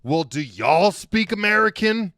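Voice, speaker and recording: A man acts out a big bullheaded American tourist who drawls slowly and loudly. The voice sits higher than his own and is brash and clueless. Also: animated, no room sound, studio quality, full character voice.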